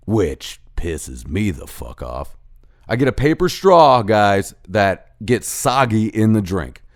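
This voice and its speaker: A low-voiced man in a heated, profane rant, his pitch swinging widely as he fires off complaints. He acts out little exchanges in between, then pushes his point harder. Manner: animated, profane, heated ranting with mimicked dialogue. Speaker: host of a rant show. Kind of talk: ranting monologue.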